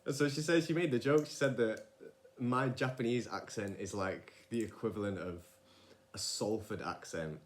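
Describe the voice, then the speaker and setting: Young guy rambling on in a vlog, lowish voice, lots of restarts and side tracks. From England. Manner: rambling, digressive, many restarts and fillers. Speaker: vlogger. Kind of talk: casual podcast-style monologue.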